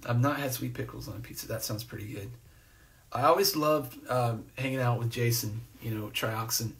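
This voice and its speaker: A man's voice: medium pitch, steady tone, moderate pace, creaky, fairly bright tone, far from the mic. Laid-back man rambling on a live stream. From New Jersey. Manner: rambling, laid-back, many fillers and restarts. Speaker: host. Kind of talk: casual livestream chat reading comments. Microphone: phone or webcam on a live stream.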